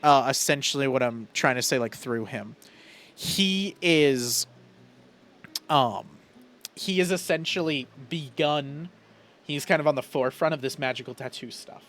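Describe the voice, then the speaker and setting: A man running a tabletop game, his voice mid-pitched and ordinary. He narrates loosely and casually, with many fillers along the way. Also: a little slow, a bit bright. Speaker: game master.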